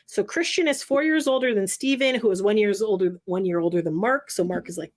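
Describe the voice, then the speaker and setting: Woman podcast co-host, mid-pitched, casual and rambling, heavy on fillers. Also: brisk. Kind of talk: casual chat.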